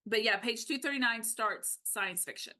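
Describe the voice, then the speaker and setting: A woman co-hosting a podcast, talking casually and animatedly about a book, with quick asides. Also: fairly high pitch, sharp tone. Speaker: podcast co-host.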